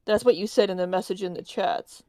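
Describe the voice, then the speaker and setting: A woman's voice: medium pitch, a little fast, dark tone, no room sound. A woman playing in a tabletop game, questioning what another player said.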